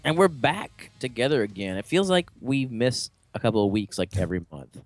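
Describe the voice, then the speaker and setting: A man's voice: medium pitch, expressive, brisk, no room sound, faint music behind. A man co-hosting a casual podcast, jokey and rambling, riffing with his friends. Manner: jokey, rambling, slips into mock accents. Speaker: podcast co-host. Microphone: studio mic, live stream.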